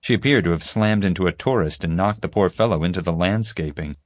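A man narrates a story in the first person with a steady, even delivery. His voice sits on the low side. The recording is dry with no room around it. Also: fast talker, no echo. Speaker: audiobook narrator. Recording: dry close studio sound.

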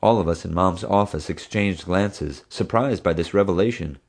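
A man narrating an audiobook in expressive storytelling fashion. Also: deep voice, normal speed. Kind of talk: scripted narration.

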